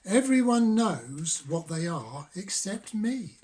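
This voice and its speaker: A man's voice: high-pitched, big pitch swings, slow pace, darkish tone, heavily acted. An older man voicing a small, fluffy, lost bird chick who timidly asks what he is. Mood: wondering.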